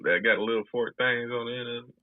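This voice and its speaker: A man's voice: medium pitch, fairly even intonation, fast, dry recording. A man listening and reacting to a story with short, amused remarks. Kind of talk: casual reactions. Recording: dry, phone-like sound.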